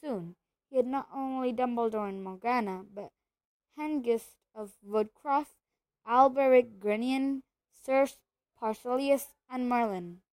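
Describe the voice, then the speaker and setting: A woman reads a children's novel aloud at a steady pace, now and then tripping over a word and going back. Her voice sits fairly high and the sound is dry, with no room echo. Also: measured pace. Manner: steady reading with small slips and self-corrections. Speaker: storybook reader.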